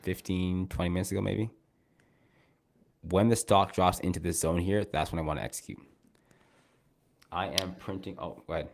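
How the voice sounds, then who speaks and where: A man hosting a stock trading live stream, explaining setups in a relaxed, chatty way. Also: sits low, normal speed, vocal fry, long pauses, a little hiss or hum. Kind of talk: casual live-stream chat.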